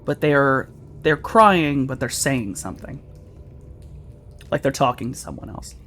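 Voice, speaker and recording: A man running a tabletop role-playing game as game master, narrating calmly. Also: mid-range voice, a little slow, a little hiss or hum.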